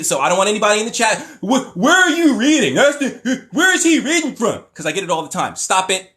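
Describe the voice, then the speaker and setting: A man with a fairly high voice hosts a livestream. He reads passages aloud and then tears into them, sarcastic and exasperated, swearing freely. The sound comes through a phone or webcam mic. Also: sharp tone. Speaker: livestream host. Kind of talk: ranting livestream commentary.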